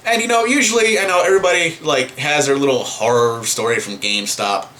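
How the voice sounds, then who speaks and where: A man's voice: on the high side, brisk, bright, forceful tone, a little hiss or hum. A man ranting to camera in a vlog, exasperated and profane, full of fillers and restarts. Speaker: vlogger.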